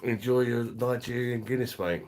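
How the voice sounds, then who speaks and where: A man's voice: mid-range voice, fairly even intonation, moderate pace, darkish tone. A middle-aged man, chatting casually at home on a live stream, swearing, laughing often and reading out the chat. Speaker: beer reviewer hosting a live stream.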